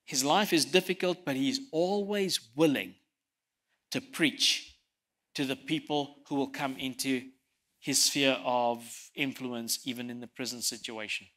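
A man preaching a sermon, telling stories and swinging from loud emphasis to soft, quiet lines, sometimes repeating words as he presses a point. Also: medium pitch, measured pace. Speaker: pastor.

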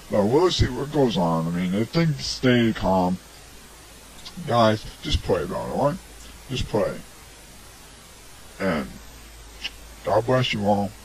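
An amateur radio show host with a mid-range voice rambles through a preachy opinion monologue peppered with "I mean" and "come on." It's a low-quality, homemade hobby recording.

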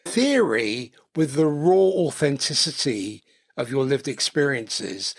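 A man hosting a podcast interview, speaking in measured, flowery phrases. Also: medium pitch, expressive, breathy edge. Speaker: podcast host.

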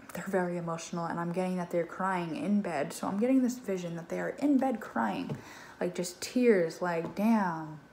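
A woman's voice: mid-range voice, darkish tone, a little hiss or hum. A woman giving a casual tarot reading in a chatty, loose way, swearing now and then and acting out what others think. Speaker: tarot reader. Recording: echoey room.

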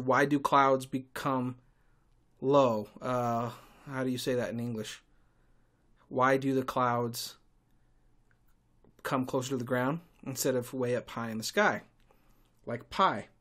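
A man rants through a solo podcast in a sarcastic, fed-up tone. His voice sits at an ordinary male pitch and now and then bursts out loud. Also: a little slow, long pauses. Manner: sarcastic, irritable, with sudden loud outbursts. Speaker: podcast host and tour guide. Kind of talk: casual ranting monologue.

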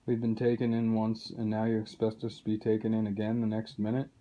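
A man reading aloud, voicing a surly, sneering male dwarf who distrusts everyone, drawling slowly. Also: fairly low pitch, completely flat delivery, mellow, lo-fi sound, close to an everyday voice.

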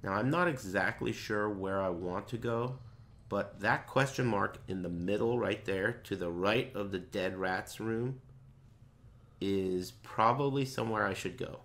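A man's voice: on the low side, measured pace, fairly bright tone. A man playing a horror game, muttering directions to himself and swearing when something startles him. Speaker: gaming streamer. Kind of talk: let's play commentary.

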